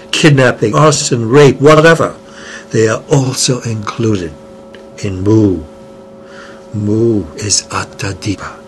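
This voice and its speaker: An older man gives a Zen dharma talk at a very slow, deliberate pace, pausing often and asking question after question. His voice sits in an ordinary middle range, and a faint ambient hiss lies behind him. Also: medium pitch, poor audio. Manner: slow, measured, with long pauses; earnest, questioning delivery. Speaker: Zen teacher.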